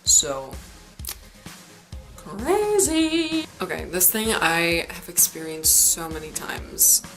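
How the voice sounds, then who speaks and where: Teen woman vlogger, lowish voice, dry sarcastic rant, faint music under it. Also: fairly even intonation, a little slow, bright, forceful tone, low-quality recording. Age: late teens. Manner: sarcastic, chatty, rambling. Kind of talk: ranting vlog.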